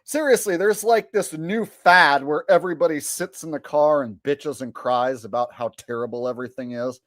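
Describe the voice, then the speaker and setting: A man's voice: a little high, normal speed, fairly bright tone, no echo, clean studio sound. Exasperated, swearing male commentary vlogger. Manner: profane, exasperated ranting. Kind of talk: ranting commentary.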